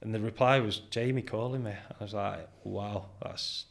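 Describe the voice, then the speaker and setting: A British man in his forties, a guest on a podcast, recounts his start in business in a relaxed, chatty way. His voice sits fairly low, and he slips into quoted dialogue as he tells his stories, breaking into laughter along the way. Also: brisk. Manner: animated anecdote-telling, acts out quoted dialogue, laughs often. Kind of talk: casual interview storytelling.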